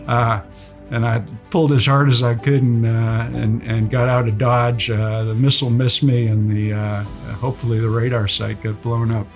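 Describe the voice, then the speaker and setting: An older man, a retired naval aviator, recounting a combat mission in a relaxed storytelling way with many fillers. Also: medium pitch, moderate pace, faint music behind.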